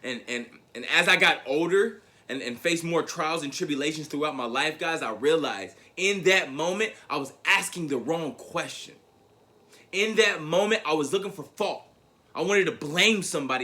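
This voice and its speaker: Man, motivational keynote speech, bright forceful tone, fairly high voice. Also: normal speed. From Tennessee. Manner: animated storytelling, swinging between loud and hushed. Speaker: motivational speaker.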